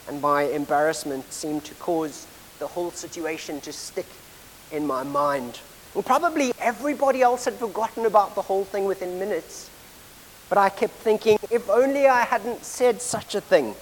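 High-voiced preacher in a hall. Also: male voice. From South Africa. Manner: measured, deliberate delivery with a storytelling touch. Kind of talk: sermon. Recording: reverberant hall with faint hiss.

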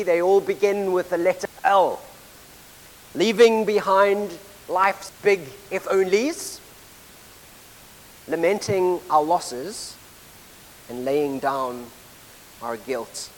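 High-voiced preacher in a hall. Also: male voice. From South Africa. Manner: measured, deliberate delivery with a storytelling touch. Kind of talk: sermon. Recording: reverberant hall with faint hiss.

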